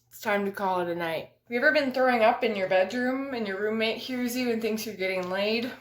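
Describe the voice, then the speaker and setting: A young woman delivering a deadpan comedy monologue of absurd one-liners, recorded on a household item used as a mic. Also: medium pitch, echoey room.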